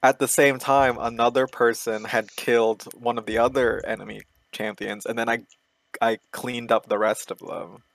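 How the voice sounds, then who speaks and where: A man's voice: mid-range voice, moderate pace, creaky, no room sound, low-quality recording. A young man co-hosting a casual gaming podcast, laughing often and acting out what other players said. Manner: laughing, animated retelling with acted-out quotes. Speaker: podcast co-host.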